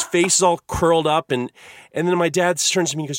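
A man's voice: a little fast, a little hiss or hum. A man co-hosting a podcast, telling a long anecdote in casual chat and acting out the voices of the people in it. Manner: animated storyteller, acts out voices with big pitch swings. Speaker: podcast co-host.

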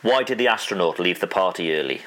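Male co-host, lowish voice, forceful lively delivery, deadpan mock groans. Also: quick pace, low-quality recording. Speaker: podcast co-host. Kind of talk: casual banter reading listener jokes.

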